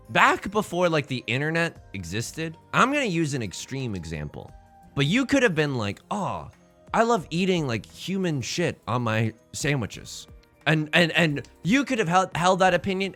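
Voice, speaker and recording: A fairly high, pushed, bright-sounding man streams a game, keeping up casual, joking chat and commentary. He wanders, repeats phrases, and greets chat by name partway through sentences.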